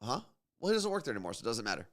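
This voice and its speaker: A man co-hosting a morning radio show, telling long casual stories with a relaxed, rambling manner. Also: mid-range voice, racing. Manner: chatty storyteller, bursts into silly singing.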